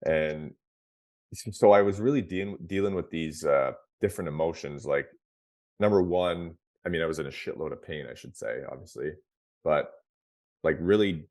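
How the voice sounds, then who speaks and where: Guy in his 30s with a super deep voice just talking it out, loose, lots of um and like. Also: normal speed. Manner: relaxed, frank, peppered with fillers and restarts. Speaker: podcast guest, former pro hockey player. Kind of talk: candid conversational storytelling.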